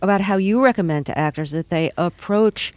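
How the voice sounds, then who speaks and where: A woman hosting a radio interview, asking measured, plain questions. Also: medium pitch, a little mellow, no room sound.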